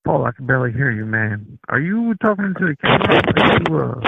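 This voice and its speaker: A man hosting a casual call-in chat, excitable, slangy and profane. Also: medium pitch, fairly quick, creaky, heavy background noise. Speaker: show host. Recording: tinny phone-like line.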